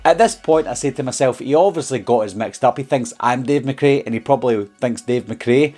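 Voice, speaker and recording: A man's voice: medium pitch, brisk, warm tone. A man with a Scottish accent, telling a story in a casual vlog in a chatty, rambling way with lots of ums and uhs. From Scotland. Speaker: horror YouTuber.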